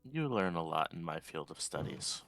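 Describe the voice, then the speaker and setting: A man playing his character in a tabletop role-play, speaking in a slow, measured, suave way. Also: low-pitched, very animated, vocal fry, fairly bright tone, no echo, faint music behind. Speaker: player.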